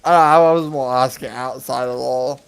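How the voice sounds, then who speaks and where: A man playing a tabletop game, asking quiet, mumbled questions. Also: medium pitch, steady tone, normal speed, vocal fry, smooth. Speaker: player.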